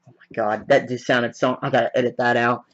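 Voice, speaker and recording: A man excitedly recapping a film scene by scene in a casual, rambling way, full of "like". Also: medium pitch, fairly quick, dull audio. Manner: rambling, heavy on "like" fillers; excitable fan. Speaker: movie reviewer.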